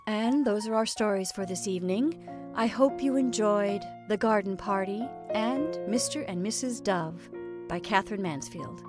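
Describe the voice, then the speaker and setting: A woman hosting and reading a story aloud in calm, measured narration. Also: medium pitch, music in the background. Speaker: host and reader.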